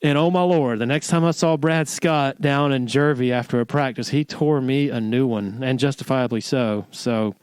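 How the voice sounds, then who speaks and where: A man hosting a podcast, telling stories in an animated casual way, often laughing as he talks. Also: mid-range voice, moderate pace, few pauses, smooth, no room sound. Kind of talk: casual storytelling chat.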